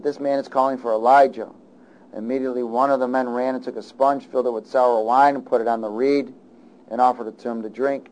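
A man preaching a sermon and reading scripture, calling out to the congregation and swinging between loud and soft. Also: mid-range voice, rough recording. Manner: call-and-response, rises loud and falls soft.

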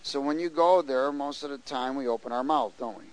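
A man's voice: medium pitch, fairly quick, rough recording. A man preaching a sermon, telling personal stories animatedly and acting out the voices of people he met. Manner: animated storytelling, acts out voices, frequent restarts.

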